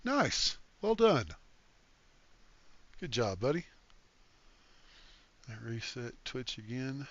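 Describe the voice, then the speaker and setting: A man's voice: mid-range voice, fairly bright tone, no room sound, muffled recording. An older man hosting a casual game livestream, reading chat aloud in an easygoing, folksy way and thanking viewers.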